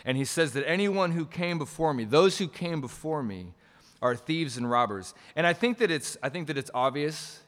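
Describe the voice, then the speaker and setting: A man's voice: on the high side, animated, normal speed, a bit bright, big-room sound. A male pastor preaching a sermon, emphatic, pushing key phrases up and restarting mid-sentence.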